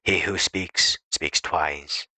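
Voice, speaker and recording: A man reading an essay aloud as an audiobook narrator, in a measured, deliberate way. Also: rumbling low, steady tone, pushed and bright, slightly rough, dry recording, low-quality recording. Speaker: audiobook reader.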